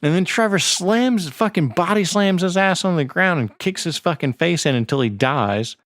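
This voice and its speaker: A podcast co-host chats casually in a high-pitched, bright voice with lively intonation at normal speed. He rambles and swears freely while reading text off a screen. The studio-quality recording has no room sound.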